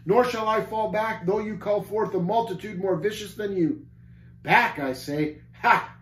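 A man's voice: sits high, unhurried, a little hiss or hum, pitched above the performer's own voice. Storybook hero: a man playing a brave knight, raised and commanding, in a roomy hall. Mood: fierce, commanding. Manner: shouting, commanding. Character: bold fearless male knight warrior. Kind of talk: storybook reading aloud.

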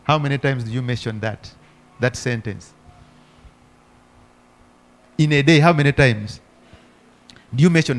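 A man's voice: medium pitch, measured pace, pauses often. A middle-aged male pastor preaching a sermon. He asks the congregation rhetorical questions and punctuates his points with repeated hallelujahs.

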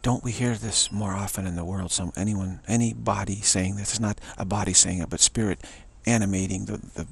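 Male spiritual teacher, low and gravelly, very husky, voice fading, halting monologue. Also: steady tone. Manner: halting, searching delivery with frequent restarts. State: voice fading to a whisper.

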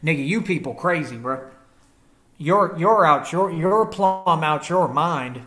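A man's voice: a little high, animated, takes it slowly, a bit bright. A young man in a confrontational rant to the camera, defiant and combative, using slangy street talk and rhetorical questions. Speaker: vlogger.

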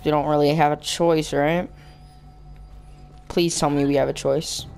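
A young man talks over his gameplay at an unhurried, drawn-out pace. His chatter is full of fillers and trailing thoughts. He bursts into loud yelling and frustrated screaming whenever the game turns on him. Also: a little high, little pitch movement, creaky, soft background music. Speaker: gaming channel host. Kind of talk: let's play commentary.

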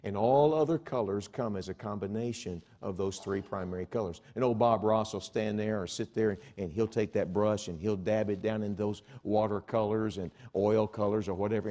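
A man preaching a revival sermon as an evangelist in a church, conversational and animated, swinging from soft asides to loud exhortation and acting out the voices of imagined listeners. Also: lowish voice, a little fast, few pauses. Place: church sanctuary.

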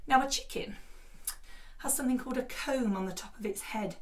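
A woman guides children through a yoga class, gentle and encouraging, with a slightly high voice. She sounds set back from the mic in an echoey room. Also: fairly quick, far from the mic.

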